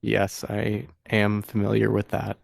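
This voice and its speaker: A man with a gravelly voice speaking slowly as a player in a tabletop role-play. He is laid-back and hesitant, and the sound is dry and close with no room. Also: on the low side, monotone, dry recording.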